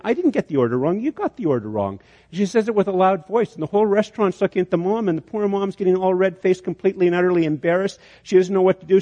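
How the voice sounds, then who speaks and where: A man delivers a sermon, building it around a long story and stumbling over repeated words as he goes. His voice sits slightly high but has a mellow, dark color. A long reverb trails behind him, as in a big hall. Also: muffled recording. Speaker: preacher.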